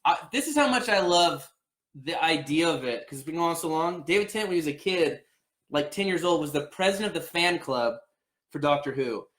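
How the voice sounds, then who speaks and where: A man's voice: fairly high pitch, expressive, brisk, fairly bright tone, reverberant. A man co-hosting a casual podcast chat, joking and rambling, quoting movie lines. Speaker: podcast co-host.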